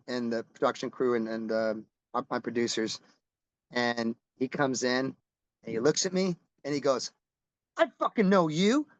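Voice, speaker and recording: A man's voice: medium pitch, no room sound, dull audio. A middle-aged man, a rock musician, telling stories in a casual interview, rambling and restarting as he goes and swearing casually.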